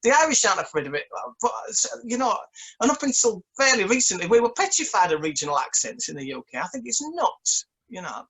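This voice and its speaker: Songwriter guy, kinda high bright voice, keeps tripping over his words, chatty. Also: big pitch swings, fairly quick, low-quality recording. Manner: stammering, repeats words often. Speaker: songwriter guest. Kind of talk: casual interview chat.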